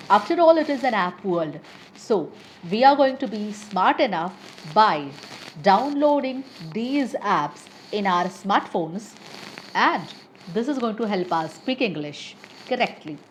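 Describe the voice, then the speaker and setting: A woman English teacher giving a lesson, listing example words slowly and carefully. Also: mid-range voice, slight background noise, low-quality recording. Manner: slow, deliberate word-by-word listing.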